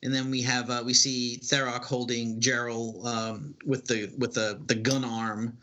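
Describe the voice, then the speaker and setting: A man's voice: medium pitch, level tone, unhurried, bright, forceful tone. A man co-hosting a podcast, casually narrating comic book panels with fillers. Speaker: podcast co-host reading a comic. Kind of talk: casual comic read-aloud.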